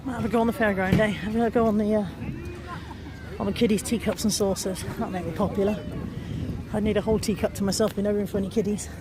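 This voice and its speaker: A woman's voice: medium pitch, steady tone, quick pace, a crowd in the background. Breathless, chatty british woman outdoors. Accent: British English. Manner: chatty, self-deprecating and wry. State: out of breath and snuffly with a cold. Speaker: vlogger. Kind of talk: casual vlog narration. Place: outdoors at a car boot sale in a car park. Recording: noisy outdoor recording.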